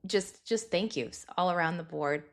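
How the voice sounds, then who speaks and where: A woman's voice: on the low side, normal speed, dry recording, studio quality. Upbeat woman podcast host. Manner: upbeat, encouraging, chatty. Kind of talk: podcast interview and outro.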